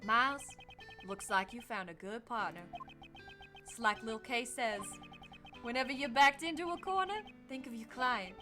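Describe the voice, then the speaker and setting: Gruff middle-aged male mentor, put-on accent, encouraging, voiced by a woman. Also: high voice, heavily acted. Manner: warm encouraging advice.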